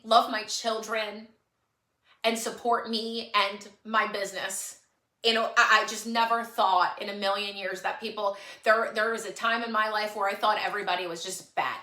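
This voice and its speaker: A woman's voice: medium pitch, pushed and bright, reverberant. A woman, close to tears as she talks earnestly to her followers on a livestream, pleading and repeating herself for emphasis. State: tearful, on the verge of crying. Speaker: online shop owner on a livestream. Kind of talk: emotional livestream monologue to followers.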